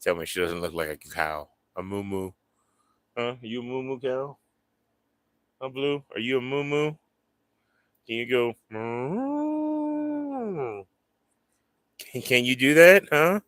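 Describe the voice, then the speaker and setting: A man's voice: medium pitch, measured pace, long pauses, a bit bright, clean tone, no echo. A man hosting a casual livestream, rambling to his viewers and cooing at his pets. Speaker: livestream host.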